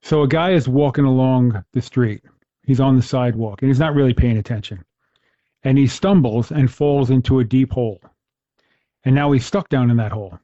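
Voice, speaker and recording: A man hosting a casual conversation about faith speaks earnestly, telling stories and restarting his sentences as he thinks. His voice is mellow, at an ordinary pitch. The sound is dry and close, with a slightly muffled, lo-fi quality. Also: normal speed, no echo. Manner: earnest, storytelling, with frequent restarts. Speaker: host.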